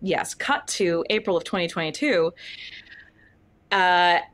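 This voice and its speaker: Woman guest, chatty and animated, slightly low voice, acts out quotes. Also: takes it slowly. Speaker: Broadway actress, guest. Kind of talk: casual interview chat.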